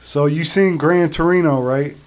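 A laid-back male podcast host chats loosely, swearing freely and laughing often. His voice sits a touch higher than most men's. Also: moderate pace, a little mellow. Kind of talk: casual chat.

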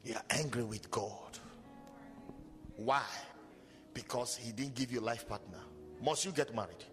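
A man preaching a sermon as pastor, animated and storytelling with mocking asides. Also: medium pitch, unhurried. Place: church hall. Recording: long hall reverb with faint music.

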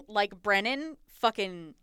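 A woman's voice: medium pitch, expressive, extremely slow, a bit bright, clean tone, no echo, studio quality. A woman co-hosting a casual podcast chat, swearing freely and backing up her partner with yeah and mm-hmm. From United States. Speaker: podcast co-host.

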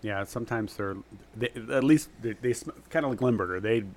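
A man's voice: mid-range voice, brisk. A man co-hosting a casual podcast, making dry, wry comments while tasting food. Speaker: podcast co-host.

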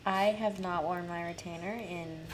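A woman's voice: fairly low pitch, fairly even intonation, a little slow, heavy background noise. A young woman co-hosting a podcast, telling stories in a chatty, self-mocking way. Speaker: podcast co-host. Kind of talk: casual chat.

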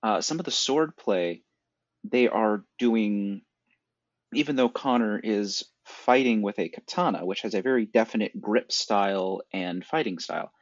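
A man's voice: on the low side, measured pace, no room sound. A man co-hosting a casual film podcast, explaining things in detail and at length. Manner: knowledgeable, explains at length about swords. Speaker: podcast co-host. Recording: dry, dull lo-fi sound.

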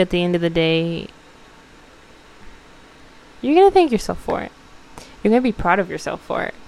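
A woman's voice: medium pitch, a little mellow, rough recording. A young woman hosting a podcast, giving a casual motivational talk, emotional and close to tears, swearing and laughing as she goes. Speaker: podcast host.

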